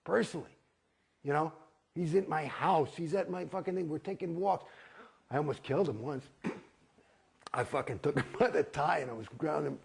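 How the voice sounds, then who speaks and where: A man's voice: on the high side, normal speed, gravelly, pauses often, husky. A man giving a candid interview, talking in an emphatic, profane, rambling way with many restarts. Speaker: interviewee, former church member.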